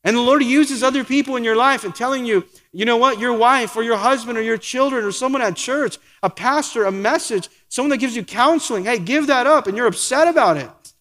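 High-voiced preacher in an echoing hall. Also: male voice, fairly quick, fairly bright tone. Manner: preaching with rhetorical questions and quoted asides. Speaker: pastor. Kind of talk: sermon.

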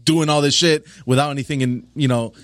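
A man's voice: medium pitch, fairly even intonation, a little fast, fairly bright tone, no echo. Profane storytelling comedian, a man. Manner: profane, storytelling, laid-back. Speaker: stand-up comedian, podcast guest. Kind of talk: casual podcast chat.

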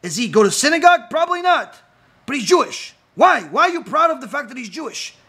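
A rabbi giving an impassioned talk, firing rhetorical questions and acting out quoted voices. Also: male voice, extremely high pitch, sing-song, quick pace, sharp tone.

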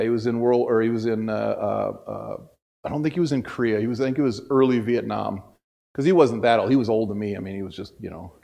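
A man's voice: medium pitch, gravelly, dark tone. A middle-aged male pastor giving a casual, storytelling sermon in a church, folksy and self-deprecating, often restarting his sentences. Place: church sanctuary.

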